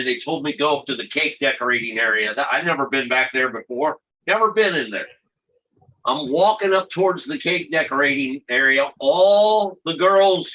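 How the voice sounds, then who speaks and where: A man's voice: a little high, bright, forceful tone, poor audio. A man in an easygoing casual chat on a video call, laughing along and telling a story of his own. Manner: easygoing, laughs along, tells a personal anecdote.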